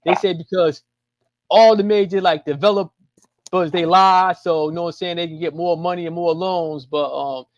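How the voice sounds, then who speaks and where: A man's voice: high-pitched, steady tone, normal speed, no room sound. A man in casual political chat on a call-in show, rambling with many restarts and loose slang. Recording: muffled lo-fi call audio.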